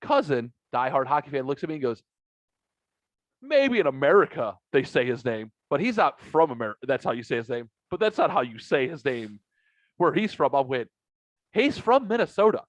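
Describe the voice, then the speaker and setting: A man co-hosting a casual podcast, telling animated stories, acting out other people's voices and swearing freely. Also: medium pitch, a little fast, no room sound. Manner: animated storyteller, acts out quoted voices, swears. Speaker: podcast co-host. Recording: dull, dry lo-fi recording.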